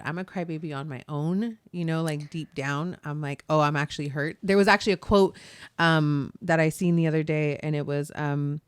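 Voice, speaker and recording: A young woman co-hosting a podcast, chatting casually, laughing often and dropping softer when she turns reflective. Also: low-pitched, clear, resonant tone, no echo, clean studio sound. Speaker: podcast co-host. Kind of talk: casual chat.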